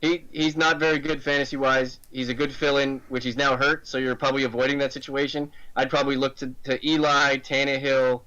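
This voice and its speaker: An American man co-hosting fantasy football radio, giving quick joking analysis in casual chat. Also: mid-range voice, level tone, pushed and bright, muffled recording. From United States.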